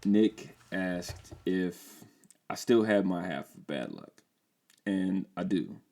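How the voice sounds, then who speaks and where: Young guy host reading his old script, kinda low voice, chill and self-mocking. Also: expressive, slow pace, gravelly, darkish tone. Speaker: podcast host. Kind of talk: casual reading aloud.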